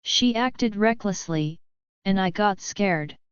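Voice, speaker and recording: A woman voicing a poised young noblewoman who speaks with calm courtesy. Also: medium pitch, slow pace, smooth, no echo, lo-fi sound, lightly acted. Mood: composed.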